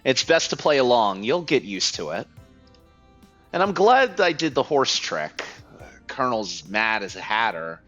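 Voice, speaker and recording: A man's voice: mid-range voice, big pitch swings, a little slow, a bit bright. A man voicing a friendly, helpful male coworker with an easygoing, reassuring manner. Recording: slightly muffled, music faint.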